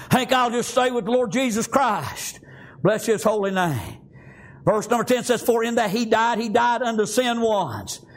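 A man with a very high-pitched voice preaches a fervent sermon, frequently breaking into shouts and peppering his lines with "praise God" and "amen."

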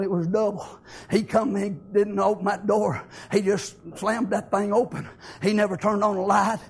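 A male preacher, telling stories in a fervent sermon that builds to impassioned shouting. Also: high-pitched, slightly rough.

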